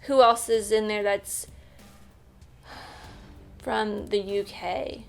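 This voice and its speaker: A woman's voice: mid-range voice, steady tone, drawn-out words, gravelly, soft background music. A young woman, casually reviewing a movie for her vlog in a chatty, candid way. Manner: chatty, candid, laughs easily.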